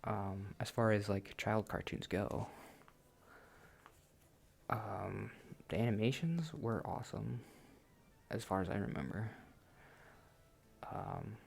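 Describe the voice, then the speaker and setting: A man's voice: lowish voice, lively intonation, takes it slowly, gravelly, long pauses. A man in his late twenties hosting a gaming channel, rambling casually and self-deprecatingly, often laughing at himself. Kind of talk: casual let's-play chat.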